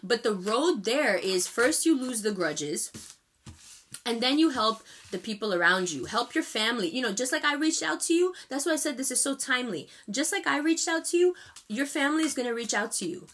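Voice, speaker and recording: A woman with a New York accent giving a casual astrology forecast, talking fast in a chatty, emphatic way. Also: on the high side, animated, fairly bright tone.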